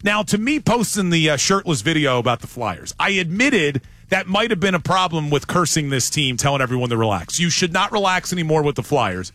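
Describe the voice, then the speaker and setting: A man hosting sports talk radio, making emphatic, animated points about his team. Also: on the high side, fairly quick, few pauses, dry recording, faint music behind.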